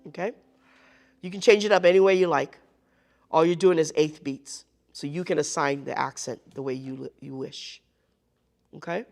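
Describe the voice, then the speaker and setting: A woman's voice: deep voice, steady tone, normal speed, pauses often, loud music behind the voice. A woman teaching a live group ukulele lesson, counting beats aloud and checking in with the class. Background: ukulele playing.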